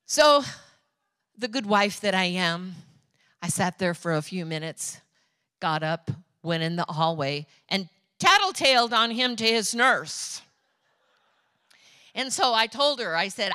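A woman preaching a sermon as a pastor's wife, telling personal stories in an animated, chatty way. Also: medium pitch, a little slow, long pauses, clean tone, no room sound.

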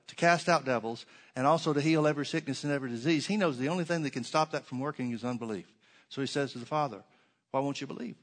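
A man preaching a sermon, reading scripture aloud and swinging between emphatic stresses and soft, quiet asides. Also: medium pitch.

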